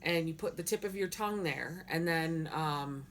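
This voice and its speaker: A woman's voice: low voice, normal speed, slight background noise. A woman teaching a language lesson, sounding words out syllable by syllable with patient explanations. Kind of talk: slow pronunciation lesson.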